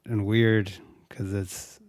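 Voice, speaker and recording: A young man from Mexico, a native Spanish speaker, co-hosting a casual movie review chat in a joking, profane, animated way. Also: lowish voice, very slow, no echo, studio quality. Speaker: co-host.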